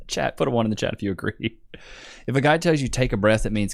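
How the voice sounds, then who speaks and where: A man's voice: medium pitch, expressive, fast talker, gravelly, no room sound, clean studio sound. A man hosting a reaction video, mocking the clips in casual slang.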